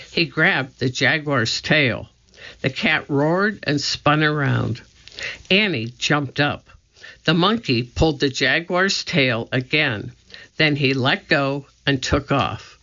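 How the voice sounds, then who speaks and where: A narrator reading a children's chapter book aloud in a steady, clear storytelling manner. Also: medium pitch, dull audio. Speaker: audiobook narrator.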